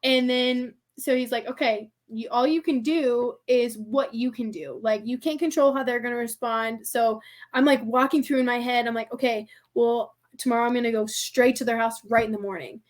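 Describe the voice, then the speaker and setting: A young American woman with a high voice tells a story on a podcast. She is chatty and casual and fills her speech with "like". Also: steady tone, normal speed. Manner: chatty, heavy use of "like", laughs often. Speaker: podcast guest.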